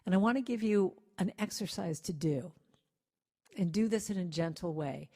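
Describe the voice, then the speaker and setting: A woman giving an inspirational talk to a congregation, gentle and conversational, who breaks into lively acted-out quotes. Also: lowish voice, normal speed. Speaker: guest speaker and singer.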